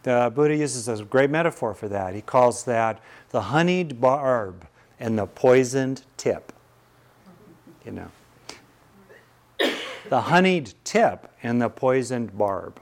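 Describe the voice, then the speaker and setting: In this teaching session with questions from students, a male meditation instructor replies by telling stories. His mid-pitched voice is unhurried and folksy, and his manner stays relaxed and conversational.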